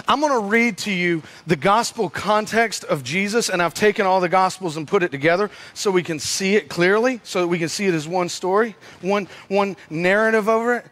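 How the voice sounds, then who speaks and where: A male pastor preaching a lively sermon, acting out stories with shouts and sound effects. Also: high-pitched. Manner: animated, acts out scenes with shouts and sound effects. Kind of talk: energetic sermon storytelling.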